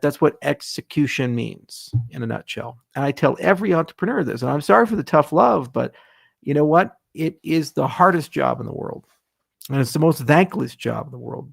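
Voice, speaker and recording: A man's voice: mid-range voice, creaky, no room sound, studio quality. A man hosting a livestream Q&A, answering questions in blunt, ranting, profane tough talk. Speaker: AMA host, venture capitalist. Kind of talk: livestream Q&A, unscripted.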